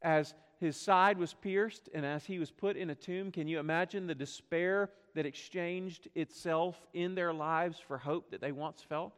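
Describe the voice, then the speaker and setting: A man's voice: a little high, unhurried, hardly any pauses, a bit bright, clear, resonant tone. A man preaching a sermon as pastor, earnest, with rhetorical questions, swelling and dropping his voice. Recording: long hall reverb.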